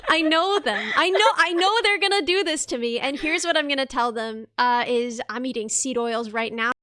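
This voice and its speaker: A woman streamer chatting casually on a live stream, animated and playful, jumping up in pitch when she mocks people. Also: normal speed. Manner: animated, bouncy pitch, mocking voices.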